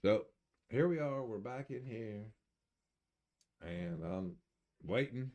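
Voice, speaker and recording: A man's voice: lowish voice, expressive, takes it slowly, mellow, lo-fi sound. An older man streaming a video game, chatting casually in a rambling, folksy way and chuckling to himself. He mentions having an accent. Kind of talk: casual live-stream chat.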